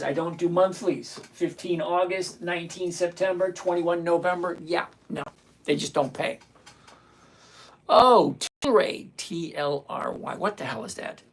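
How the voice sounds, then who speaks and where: A man's voice: fairly high pitch, husky. A man in his sixties hosting a live stream, reading chat questions aloud and answering in a blunt, dismissive way. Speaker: livestream host answering chat.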